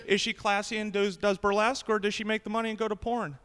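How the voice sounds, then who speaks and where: Brash high-voiced male stand-up comic. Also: level tone, fast, a bit bright, clear, resonant tone, in a large hall. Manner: brash, punchy joke delivery. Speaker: stand-up comedian. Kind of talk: stand-up comedy set. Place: comedy club stage with live audience.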